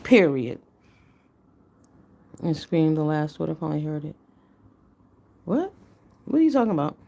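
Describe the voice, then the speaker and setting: A woman's voice: deep voice, big pitch swings, unhurried, creaky, dark tone. A middle-aged woman from the United States, hosting a casual livestream and talking bluntly and animatedly, with free swearing. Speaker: livestream host.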